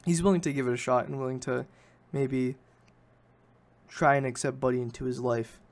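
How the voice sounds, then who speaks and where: A man's voice: mid-range voice, fairly even intonation, moderate pace. A man hosting a podcast, recapping a film in a rambling, casual way and often correcting himself. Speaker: podcast host.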